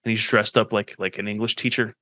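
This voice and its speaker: A young man co-hosting a podcast, chatting casually and animatedly, swearing freely and quick with opinions. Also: fairly low pitch, flat delivery, bright, forceful tone, dry recording. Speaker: podcast co-host. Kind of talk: casual chat.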